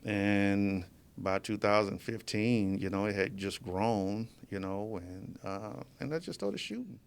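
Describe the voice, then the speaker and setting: A man's voice: on the low side, unhurried, vocal fry, clear, resonant tone. A man being interviewed as a guest in a studio, telling his story casually and with animation, often laughing as he talks. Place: media studio.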